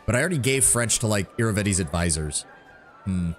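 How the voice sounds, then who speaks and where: A man's voice: fairly low pitch, animated, fairly quick. A man streaming a role-playing game, joking, swearing and thinking aloud, who also reads the game's story text. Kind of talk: casual game commentary and reading game text aloud. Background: faint game music.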